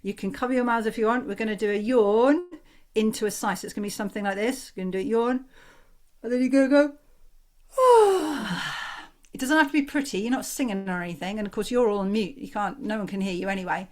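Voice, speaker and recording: Calm woman coaching over a video call. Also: medium pitch, fast. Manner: calm, encouraging, guides the group through exercises. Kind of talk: online workshop instruction.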